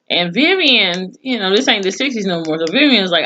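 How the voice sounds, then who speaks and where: A woman's voice: medium pitch, very animated, fairly quick, hardly any pauses, pushed and bright, dull audio, a little hiss or hum. A woman recapping a TV episode in casual, profane storytelling, with plenty of asides and cursing. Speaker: TV series reviewer.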